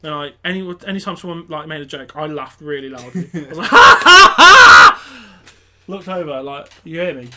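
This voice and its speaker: A young man, telling an animated story on a casual podcast and acting out the voices. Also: a little high, fast talker, hardly any pauses, heavy background noise. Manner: animated, acts out quotes, swears, laughs. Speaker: podcast co-host.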